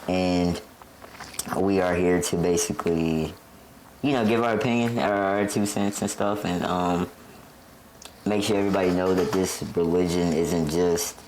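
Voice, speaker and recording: A young man co-hosting a podcast in casual chat, relaxed and calling his friend "bro". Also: low voice, measured pace, a little hiss or hum, poor audio. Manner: relaxed, says "bro" often. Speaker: podcast co-host.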